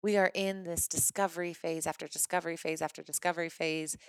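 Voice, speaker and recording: A woman from Missouri hosting a podcast, telling a personal story in a lively, chatty way with lots of "like" fillers. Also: on the low side, fast talker, smooth, no echo. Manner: animated, chatty, frequent "like" fillers. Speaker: podcast host. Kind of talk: casual storytelling monologue.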